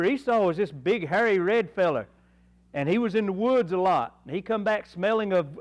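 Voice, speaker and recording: A man with an East Tennessee accent teaching a Bible lesson at church, earnest and folksy, full of rhetorical questions. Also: on the high side. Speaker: Sunday school teacher. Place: church classroom.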